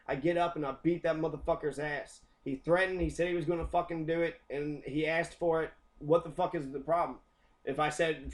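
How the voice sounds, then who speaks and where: Give me a young American man with a somewhat high voice, ranting hotly with lots of profanity. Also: fairly even intonation, fairly quick, a little mellow. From United States. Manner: profane, heated, repetitive ranting. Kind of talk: angry rant.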